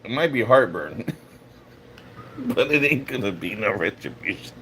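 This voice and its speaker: A man's voice: lowish voice, expressive, measured pace, pushed and bright, a little hiss or hum. A man streaming and reading chat aloud, laughing and mocking commenters in a loose, joking way. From Puerto Rico. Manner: mocking, laughing, puts on silly voices for chatters. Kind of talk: casual livestream chat.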